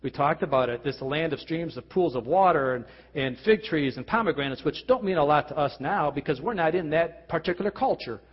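Husky male pastor preaching in a reverberant hall. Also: fairly high pitch, lively intonation, fairly quick. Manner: earnest preaching with frequent restarts and rhetorical questions. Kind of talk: sermon. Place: church hall. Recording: lo-fi recording with long hall reverb.

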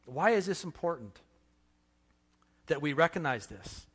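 A man preaching a sermon as pastor, earnest, with slow emphatic pauses and repeated phrases. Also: fairly high pitch, big pitch swings, fairly bright tone, husky, big-room sound.

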